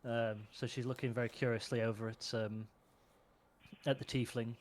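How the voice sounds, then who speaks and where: A man playing a tabletop game, describing his character in a relaxed way with frequent ums. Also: medium pitch, normal speed. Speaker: player.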